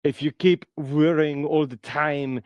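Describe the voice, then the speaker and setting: A man's voice: a little high, fairly even intonation, slow, dry recording, dull audio. A man doing a stern action-star ghost. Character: gruff action-star ghost of Christmas future, male adult.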